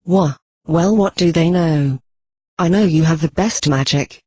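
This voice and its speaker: A text-to-speech voice reading the lines of a gentle, doting pegasus mother from a storybook, in a flat, even synthetic delivery. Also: medium pitch, unhurried, slightly rough, dry recording.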